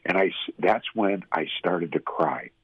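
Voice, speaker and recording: A man's voice: sits low, measured pace, husky, no echo. A man earnestly and emotionally telling his personal story as a guest. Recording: tinny phone-like sound.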